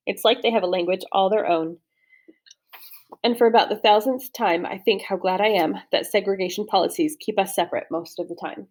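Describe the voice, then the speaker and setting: A young adult woman with a medium-pitched voice reads a first-person novel as an audiobook. Her storytelling is steady, though she occasionally slips and starts a line over.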